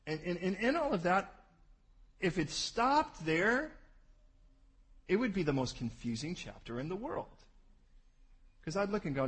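A man preaching a sermon, animated and jokey, swinging from loud bursts to low asides. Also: a little slow, long pauses, breathy edge, low-quality recording. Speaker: pastor.

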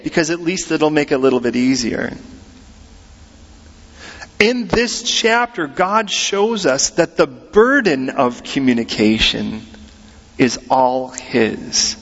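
An American man in middle age preaches in a conversational style, his fairly high voice ringing with a long hall echo. The sound is a bit muffled and dull, as if it was recorded in a big church sanctuary. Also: takes it slowly. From United States. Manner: animated, conversational preaching with acted-out quotes. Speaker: pastor. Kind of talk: sermon.

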